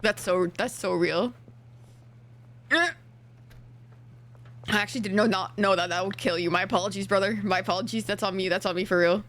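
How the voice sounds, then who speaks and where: A woman's voice: medium pitch, steady tone, moderate pace, long pauses, fairly bright tone. A young woman streaming a game, chatting casually with a friend, joking crudely and swearing freely. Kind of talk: casual gameplay chat with a co-op partner.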